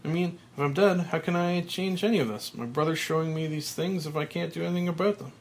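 Guy doing a frantic middle-aged tv boss, yelling high and loud, totally freaking out. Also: expressive, normal speed, vocal fry. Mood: panicked disbelief. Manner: frantic, shouting, high-strung. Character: panicked middle-aged male TV executive.

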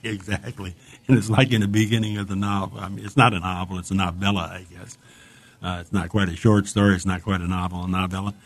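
Man, lowish voice, chatty book talk, rambling, enthusiastic. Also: little pitch movement, quick pace. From United States. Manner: chatty, rambling, enthusiastic, reads passages aloud. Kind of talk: casual chat about books.

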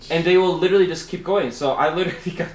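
A young man, a podcast guest, telling stories in a casual chat, animated and laughing often. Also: fairly high pitch, racing. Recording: roomy echo, faint background noise.

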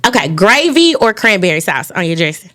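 A woman's voice: mid-range voice, big pitch swings, fairly quick, fairly bright tone, no room sound, studio quality. Emotional woman podcast host, casual. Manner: casual, emotional, laughs often. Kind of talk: casual faith podcast chat.

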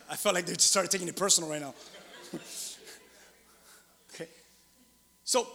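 A middle-aged man preaching a sermon in a church. He talks animatedly, swinging between loud exclaiming and hushed asides. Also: high voice, normal speed, gravelly, pauses often, big-room sound, a little hiss or hum. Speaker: pastor. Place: church sanctuary.

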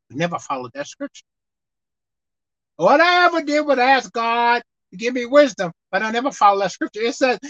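A woman delivers a sermon with a bright, high voice that swings widely in pitch. She talks straight to the congregation and acts out pleading prayers. The recording is dry and slightly muffled. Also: no echo. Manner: animated, acts out pleading prayers, calls out to listeners. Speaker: preacher.

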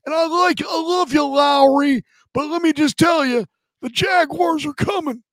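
A man putting on a loud, brash, blustery fan voice who shouts his lines. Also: extremely high pitch, a little slow, dry recording.

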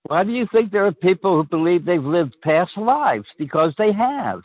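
An older man hosts a call-in chat, pondering big questions aloud and tripping over his own restarts. His voice sits a little high and swings widely. It comes through dry and narrow, like a phone line. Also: sing-song, moderate pace, no room sound. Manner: ponderous, repeats and restarts phrases. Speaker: call-in show host.

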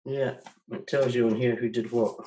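A man's voice: mid-range voice, fairly even intonation, moderate pace, mellow, rough recording. A man being interviewed as a musician guest, talking casually and rambling with many restarts.

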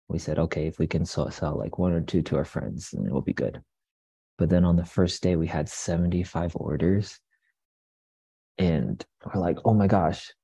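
Low, dark-voiced young man. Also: vocal fry, slightly rough, no echo. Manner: relaxed, rambling with many fillers and restarts. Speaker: guest, coffee business owner. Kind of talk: casual interview storytelling.

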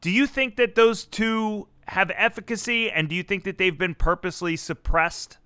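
A man's voice: sits high, normal speed, pushed and bright, smooth, no echo. A man hosting a podcast interview, talking conversationally with frequent fillers. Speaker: podcast host.

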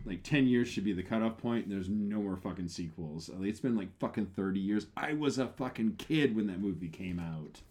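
A man's voice: on the low side, lively intonation, a little fast, few pauses, darkish tone. A man in his thirties co-hosting a podcast, rambling casually with many fillers. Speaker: podcast co-host. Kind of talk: casual chat.

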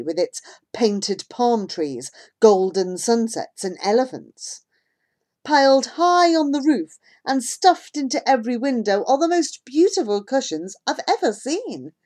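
A woman narrating an audiobook in an expressive, unhurried storytelling manner. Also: a little high. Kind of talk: audiobook reading.

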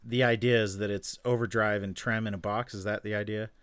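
A man's voice: on the low side, steady tone, a bit bright, clean tone, dry recording, studio quality. A man co-hosting a podcast, chatting casually and joking about guitar gear. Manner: joking, quick asides, often laughing. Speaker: podcast co-host.

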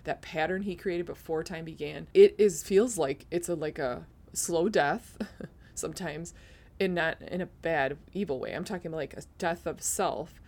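A middle-aged woman with a low voice gives an earnest faith testimony on her podcast. She sounds teary-eyed and emotional, and now and then she laughs at herself. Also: measured pace, a little mellow. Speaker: podcast host.

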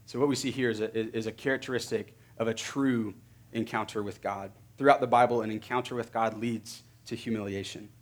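A man's voice: fairly low pitch, fairly even intonation, fairly quick. A man preaching a sermon as pastor, earnest and building to emphatic, repeated phrases.

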